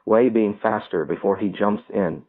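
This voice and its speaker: A man reading a first-person story aloud as an audiobook narrator, telling it in a steady storytelling manner. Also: on the low side, moderate pace, no echo. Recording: tinny phone-like dry sound.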